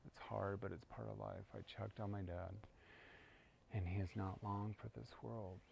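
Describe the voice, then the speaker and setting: A man leading a guided prayer practice and sharing a personal story in a calm, reflective way, chanting prayers. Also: on the low side, moderate pace, creaky, muffled recording, slight background noise. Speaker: spiritual practice teacher.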